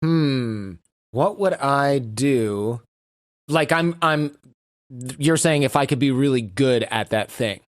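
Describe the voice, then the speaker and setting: A man's voice: medium pitch, slow, dry recording, studio quality. A man, a guest on a podcast, telling stories in casual conversation and acting out the lines of people he quotes. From United States. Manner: animated storyteller who acts out quoted lines.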